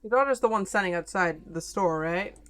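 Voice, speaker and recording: A woman's voice: medium pitch, a little fast. Chatty woman streamer, swearing freely. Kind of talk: let's play commentary.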